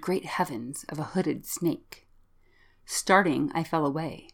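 Woman reading a spooky old story out loud, deep voice, slow and dramatic. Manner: measured, dramatic first-person narration. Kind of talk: storybook reading of a gothic tale.

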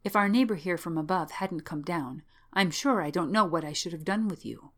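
A woman's voice: fairly low pitch, normal speed, close to an everyday voice. A woman reading a worried young student. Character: worried young male student, anxious friend.

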